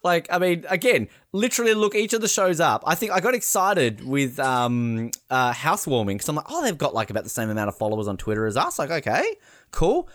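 A man's voice: on the high side, very animated, brisk, a bit bright, no echo. Guy hosting a podcast, jokey and laughy, sounds dry and close up. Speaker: podcast host. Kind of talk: casual podcast banter.

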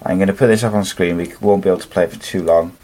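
A man's voice: low voice, steady tone, very fast, warm tone. A man from the UK hosting a casual wrestling podcast, rambling through stories with lots of fillers. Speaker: podcast host. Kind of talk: casual chat.

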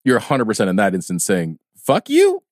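A man's voice: sits low, fast talker, no echo, studio quality. Chuckling, questioning male podcast host. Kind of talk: casual comedic chat. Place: podcast studio.

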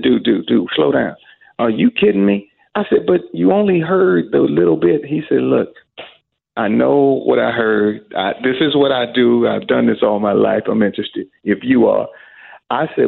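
A man's voice: medium pitch, creaky, husky. A man in an interview, telling a story animatedly and acting out the quoted dialogue. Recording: phone-like narrow band with faint music.

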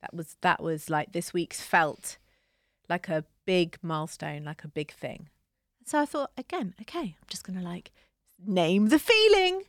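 A woman's voice: on the low side, normal speed, dry recording. Chatty woman co-hosting, dry room. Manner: chatty, animated storytelling with dry humor. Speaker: podcast co-host. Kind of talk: casual chat.

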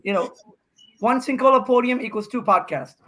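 A man's voice: very high voice, normal speed. A man in his fifties from India, a podcast guest telling rambling, joking stories in casual chat. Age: 50s. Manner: excitable, joking, rambling storyteller. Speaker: podcast guest, pickleball pro.

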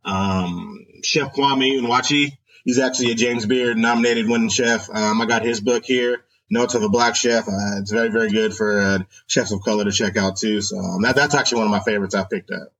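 A man's voice: fairly low pitch, steady tone, brisk, hardly any pauses, fairly bright tone. A laid-back man chats casually as a host, full of slangy fillers. He sounds set back from the mic, and his audio is dull and muffled. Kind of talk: casual chat. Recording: dull, distant remote audio.

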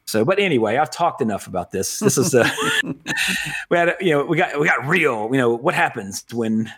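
A man's voice: medium pitch, animated, normal speed, fairly bright tone, slight background noise. A man hosting a podcast in casual chat, rambling and correcting himself, laughing often. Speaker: podcast host.

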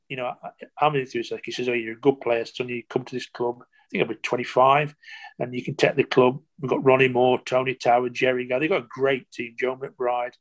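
An older man from England, a former footballer telling rambling stories in an interview, full of restarts and quoted dialogue. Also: mid-range voice. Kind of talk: interview storytelling.

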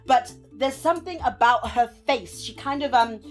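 A woman narrating a tabletop game as game master, chatty and animated with lots of fillers. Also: fairly high pitch, normal speed, soft background music.

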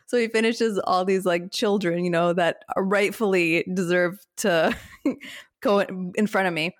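A woman's voice: fairly low pitch, fairly even intonation, a little slow, dry recording, studio quality. A woman co-hosting a podcast, telling a story in a casual chat and often laughing. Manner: giggly storytelling, acts out quotes. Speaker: podcast co-host.

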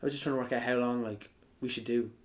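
A man's voice: mid-range voice, steady tone. A young male host from Ireland, hosting a casual podcast chat in a playful, teasing way. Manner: playful, teasing, quick to laugh.

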